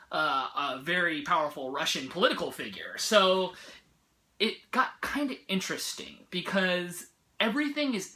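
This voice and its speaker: A man hosts a laid-back comic book review vlog. His bright, forward voice runs chatty and excited, and he fills pauses with plenty of ums and uhs. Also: high voice. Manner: chatty and excited, many fillers.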